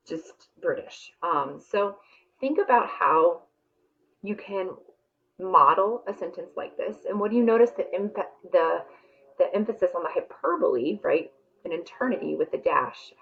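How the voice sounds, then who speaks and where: A woman's voice: fairly low pitch, creaky, highs cut off. A young adult woman teacher giving her class a casual, direct update on the week's plan, with frequent ums.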